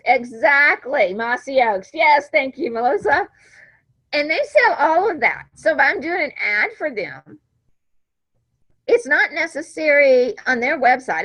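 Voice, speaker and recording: A woman's voice: high voice, a bit bright, breathy edge, low-quality recording. A woman teacher giving a classroom lecture, talking conversationally and checking understanding with frequent "right?".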